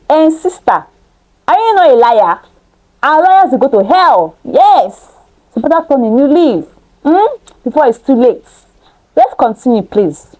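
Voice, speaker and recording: A woman's voice: high-pitched, very animated, measured pace, mellow, rough recording. A woman reading scripture aloud and breaking off into emphatic preaching, with rhetorical questions to her listeners. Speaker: Bible study teacher.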